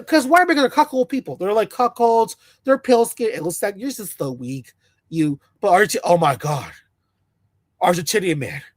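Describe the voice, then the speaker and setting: A man's voice: high voice, a bit bright, no room sound. A man giving mocking reaction commentary and often slipping into parody voices. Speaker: commentary streamer.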